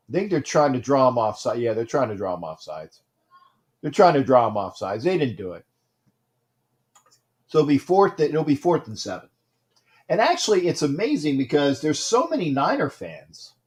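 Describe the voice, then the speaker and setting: A man hosting a casual livestream, greeting viewers by name and commenting on a football game, repeating himself and getting loud at big plays. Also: medium pitch. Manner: gets loud and excited during big plays. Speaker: livestream host.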